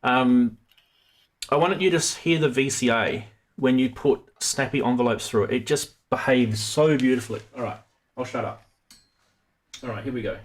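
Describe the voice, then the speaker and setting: A man's voice: mid-range voice, normal speed. A man hosting a live stream about synth modules, chatting casually and rambling with many restarts. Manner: rambling, self-interrupting, chatty.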